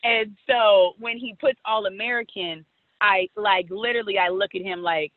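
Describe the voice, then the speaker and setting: Brief: thirties woman from California, lively storyteller, sound like a thin phone call, close and dry. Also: medium pitch, moderate pace, no echo. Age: 30s. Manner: animated, acts out past conversations. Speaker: guest, former softball player. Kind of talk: storytelling interview.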